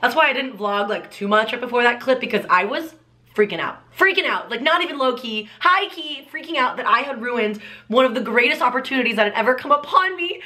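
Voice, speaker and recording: A young woman talks straight to the camera in a high, bright voice, with an edge of brilliance to it. She gushes through her storytime vlog breathlessly and leans on "like" at every turn. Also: lively intonation, a little fast. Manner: gushing, breathless retelling full of "like" fillers. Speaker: vlogger.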